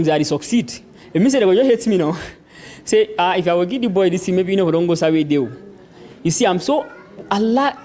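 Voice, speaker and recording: High-voiced young man, Cameroonian Pidgin. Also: slight background noise. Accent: Cameroonian Pidgin English. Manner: animated, chuckles often, speaks in Pidgin English. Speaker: workshop speaker. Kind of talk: community lecture on hate speech. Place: public venue.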